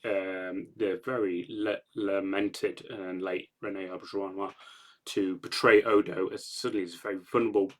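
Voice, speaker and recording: A podcast co-host talking casually about an episode, emphatic and at times softly reflective. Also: low voice, fairly even intonation, moderate pace. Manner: emphatic, then soft and reflective. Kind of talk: casual chat discussing an episode.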